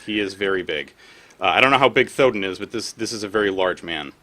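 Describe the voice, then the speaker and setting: A man running a tabletop game as game master, narrating haltingly with many fillers. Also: lowish voice, sharp tone. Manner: hesitant, many fillers, narrates and voices townsfolk.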